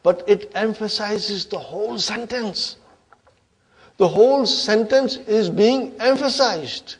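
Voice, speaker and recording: Higher-voiced man teaching arabic grammar, unhurried, native urdu speaker, keeps asking the class if they follow. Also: breathy edge. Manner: interactive, constantly checks in with the class. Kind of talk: classroom lecture.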